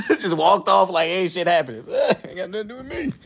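A young man hosting a loose conversation, laughing and cursing as he tells stories. His voice is husky and his pitch swings widely, dropping low when he mutters and climbing high when he jokes. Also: normal speed. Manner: joking, profane, laughs often; lively, swings loud to low. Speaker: podcast host. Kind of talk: casual chat.

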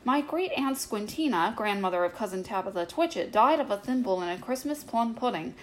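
A woman's voice: mid-range voice, expressive, a little fast, close to an everyday voice, low-quality recording. A woman voicing a prim, proper female cat hostess in a children's story, in a polite and disapproving way.

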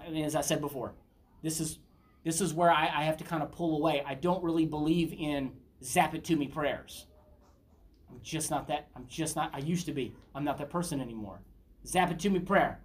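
A middle-aged woman teaching a Bible study in an earnest, conversational preaching style, often asking her listeners questions. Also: deep voice.

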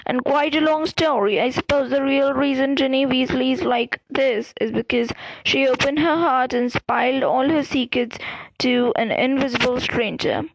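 A woman voicing a calm, manipulative young male wizard in a storybook reading, speaking softly and slowly with quiet menace. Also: high-pitched, vocal fry, noisy background. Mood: calm menacing. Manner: soft, calm, slow and pleasant with menace.

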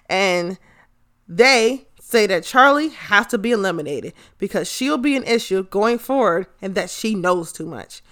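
A young woman casually recapping a wrestling episode, excitable and swearing freely, often losing track of names. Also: medium pitch. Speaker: show recap host.

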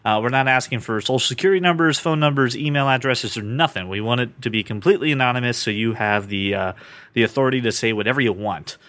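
A man's voice: medium pitch, quick pace, a bit bright, no room sound. A man hosting a podcast in casual chat, rambling and self-deprecating as he talks. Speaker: podcast host.

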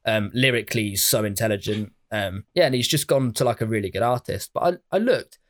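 A man's voice: on the low side, a little fast. A man from England co-hosting a podcast, chatting casually and enthusiastically, rambling with fillers and swearing. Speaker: podcast co-host. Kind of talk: casual chat.

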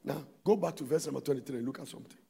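A man preaching a sermon, emphatic and loud, switching between shouts and soft asides. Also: a little high, rapid-fire, vocal fry, slightly rough, in a large hall.

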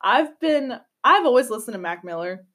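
A woman's voice: a little high, big pitch swings, moderate pace, a bit bright. A young woman in casual chat, answering questions in a loose, chatty way with swearing and laughter. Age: young adult.

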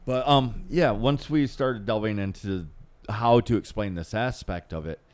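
A man's voice: lowish voice, a little slow, a little mellow, no room sound. A man co-hosting an unscripted chat, joking and loose with casual grammar. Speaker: podcast co-host.

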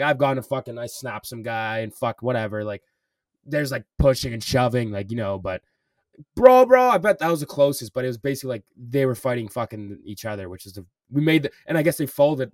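A man's voice: medium pitch, animated, fairly quick, darkish tone, no room sound, studio quality, far from the mic. A young man co-hosting a podcast, telling a story in casual chat, swearing often and filling with "like" and "bro". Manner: swears a lot, says "bro" and "like" constantly. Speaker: podcast co-host.

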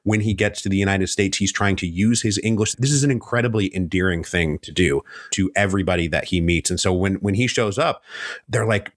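A man telling history stories in a relaxed conversational way, acting out what historical figures said with lively shifts in pitch. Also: brisk, no echo, studio quality. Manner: animated, acts out quoted figures in shifting pitch. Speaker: history guest. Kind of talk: conversational storytelling.

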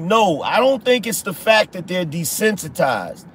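A man with a high voice hosts an opinion podcast. He speaks bluntly and casually, swearing and driving points home with repeated rhetorical questions. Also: expressive, normal speed, hardly any pauses, a bit bright, breathy edge. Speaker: podcast host. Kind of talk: conservative opinion commentary.

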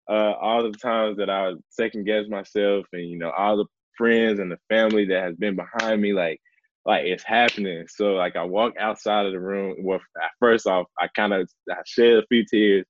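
A young man, a professional baseball player, telling a personal story in a relaxed, earnest way, leaning on "like" and "man" as he talks. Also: lowish voice, moderate pace, highs cut off, slight background noise. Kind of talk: casual storytelling in conversation.

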